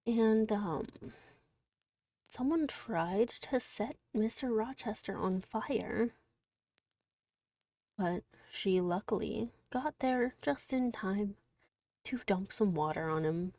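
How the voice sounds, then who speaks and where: A young woman streamer chatting quietly and gently, half-whispering as she recaps a book she reads aloud. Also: mid-range voice, expressive, slow pace, pauses often, no echo, distant mic. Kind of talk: gentle soft-spoken livestream chat.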